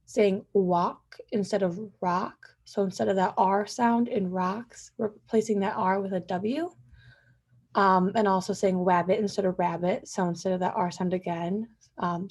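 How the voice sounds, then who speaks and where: A woman's voice: mid-range voice, darkish tone, husky. A young woman giving a class presentation, hesitant, with frequent ums and likes. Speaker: student presenter.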